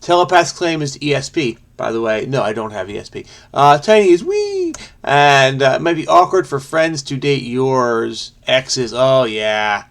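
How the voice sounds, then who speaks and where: A man with a gravelly, fry-tinged voice at a middle pitch, hosting a crossword video. He solves casually and thinks out loud, letting thoughts trail off and slipping in self-amused remarks. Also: normal speed, few pauses. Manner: muses aloud, trailing off, self-amused asides. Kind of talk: casual think-aloud puzzle solving.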